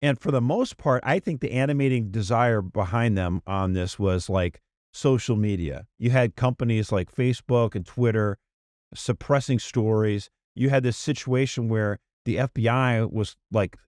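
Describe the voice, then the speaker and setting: A man co-hosts a casual podcast, animated and exasperated, and his voice sits at a middle pitch. The sound is dry and close, with no room around it. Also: moderate pace, dry recording. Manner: animated, exasperated, mocking voices when quoting. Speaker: podcast co-host. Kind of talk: casual political chat.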